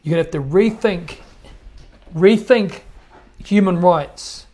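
A man talks over clips on his podcast. His voice sits a little high and has a gravelly edge. He sounds indignant and hammers his points home by repeating them. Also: unhurried, a little mellow. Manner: indignant, emphatic, repeats himself. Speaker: podcast host. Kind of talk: commentary on played clips.

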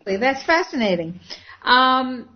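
A woman's voice: high-pitched, very animated. A woman hosting an online program, choosing her words with care and reacting eagerly to what others say. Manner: measured, elaborate wording with eager reactions. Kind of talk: casual online panel talk. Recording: slightly muffled online audio.

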